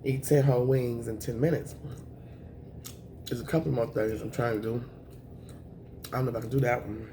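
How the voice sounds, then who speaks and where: A woman, chatting to camera on her eating show, emotional and thankful, with a voice that is raspy at times. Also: extremely low pitch, fairly even intonation, normal speed, pauses often, mellow, a little hiss or hum. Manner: emotional, thankful, says y'all often. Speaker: mukbang vlogger.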